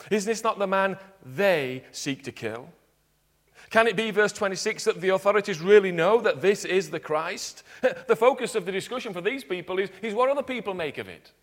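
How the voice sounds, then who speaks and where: A man preaching a sermon in church, earnest, dropping to quiet emphatic points. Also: sits high. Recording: long hall reverb.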